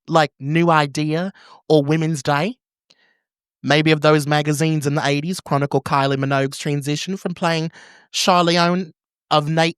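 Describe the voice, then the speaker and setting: A man's voice: fairly high pitch, clean tone, no echo, studio quality, pitched above the performer's own voice, close to an everyday voice. A man reading a listener letter in an exaggerated put-on Australian accent, playing a cheerful Australian fan. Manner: exaggerated, sighing, playful. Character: over-the-top Australian letter writer, male, cheerful.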